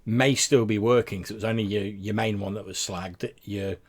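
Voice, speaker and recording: A man's voice: lowish voice, fairly even intonation, normal speed, crowd noise. A man narrating a tabletop game as game master, rambling with lots of fillers and restarts.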